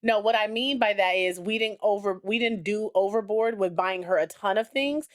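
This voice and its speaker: A woman co-hosting a married couple's podcast, telling stories in a rambling, animated way with many fillers. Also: mid-range voice, moderate pace. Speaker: podcast co-host. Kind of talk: casual chat.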